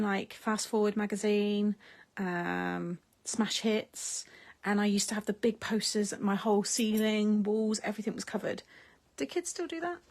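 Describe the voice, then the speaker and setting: A middle-aged woman chats away to her viewers while she crafts. Her voice is gravelly and a little husky. She rambles, laughs often and lets sentences trail off. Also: mid-range voice, darkish tone. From United Kingdom. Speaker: craft live-stream host. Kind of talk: casual chat while crafting, replying to viewer comments.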